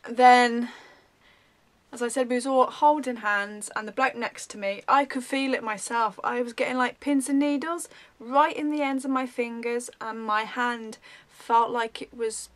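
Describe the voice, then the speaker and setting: A woman vlogger telling a story in a rambling, animated way, full of ums. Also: on the high side, unhurried. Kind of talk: casual storytelling.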